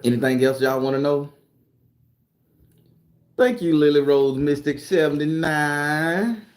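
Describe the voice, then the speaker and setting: A middle-aged man from South Carolina, casually telling stories and answering viewer comments on a livestream in a loud, profane, laughing way. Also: a little high, unhurried. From South Carolina, USA. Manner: animated, profane, laughing storyteller. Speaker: YouTube tarot reader and storyteller. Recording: roomy echo.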